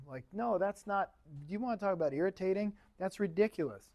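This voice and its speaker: Brief: male shop-class instructor, higher-pitched voice, loose and conversational, quizzes the room. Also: lively intonation, fairly quick, hardly any pauses, darkish tone. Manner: chatty, asks the class questions. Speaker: automotive instructor. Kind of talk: casual classroom lecture.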